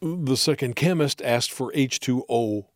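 A man voicing a clever, calm detective who explains a puzzle in a measured manner. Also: medium pitch, dry recording, clean studio sound, natural voice. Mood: explaining.

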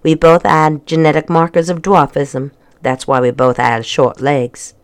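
A narrator voicing a grumpy little bearded hermit man with a Scottish accent and a gruff, grumbling manner, in a dry recording. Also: medium pitch, level tone, measured pace, dry recording, lightly acted. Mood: fond.

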